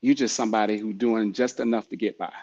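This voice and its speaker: A man's voice: fairly low pitch, steady tone, quick pace, a little mellow, lo-fi sound. A man hosting a podcast who talks in a preachy, repetitive way and urges the listener directly. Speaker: podcast host. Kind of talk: motivational podcast talk.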